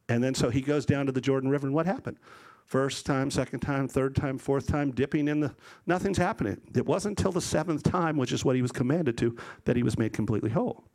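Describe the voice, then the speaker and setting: A middle-aged man preaching a sermon as a pastor, telling stories with lively acted-out voices. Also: medium pitch, quick pace. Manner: animated storytelling, acts out voices.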